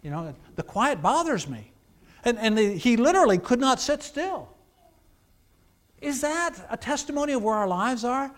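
A male pastor preaching a sermon, moving between hushed lines and emphatic, rising passages. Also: very high voice, big pitch swings, normal speed.

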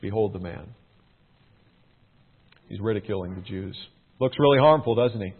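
A man's voice: fairly low pitch, normal speed, breathy edge. A middle-aged man teaching through a Bible passage, earnest, his emphasis rising on questions. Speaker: preacher. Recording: tinny phone-like band.

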